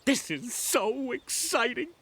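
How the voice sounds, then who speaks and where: George, a bashful, bouncy hippo. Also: male voice, high-pitched, measured pace, noisy background. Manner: bashful, stammering, easily flattered, theatrical when reading aloud. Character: eager, bashful male hippo, a grown-up.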